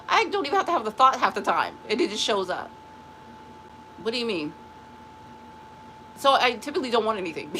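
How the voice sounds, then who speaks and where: A woman's voice: fairly high pitch, bright, forceful tone, slight background noise, rough recording. Blunt, preachy middle-aged woman. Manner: emphatic and preachy, repeats phrases for stress; blunt and dismissive. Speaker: spiritual live-stream host. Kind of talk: motivational spiritual talk.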